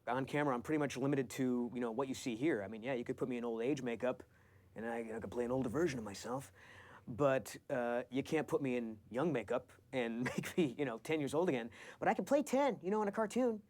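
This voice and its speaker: Fast-talking man, self-deprecating. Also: medium pitch, darkish tone. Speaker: voice actor. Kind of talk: documentary interview.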